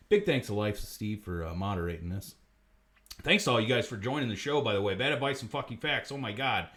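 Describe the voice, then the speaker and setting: A man hosting a comedy livestream, swearing constantly and ranting, swinging from low mutters to loud outbursts. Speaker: comedy show host. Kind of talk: profane comedic livestream monologue.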